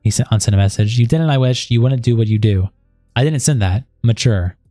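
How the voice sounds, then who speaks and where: A man's voice: mid-range voice, brisk, warm tone, no echo, clean studio sound, faint music behind. A man on a stream, reading a chat log aloud and breaking in with asides of disbelief.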